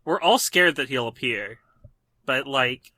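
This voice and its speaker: A man cohosting a casual chat podcast, rambling through his points with plenty of fillers and the odd swear. His voice is bright and forward, sitting at an ordinary pitch. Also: animated, a little slow, dry recording.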